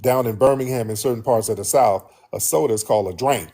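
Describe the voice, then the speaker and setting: An American man hosts a casual commentary for his viewers, talking straight to them. He is emphatic and repeats himself, keeps calling the audience family, and his voice swings up high in pitch. His voice sits at a middle pitch for a man. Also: quick pace, mellow. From United States. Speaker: host.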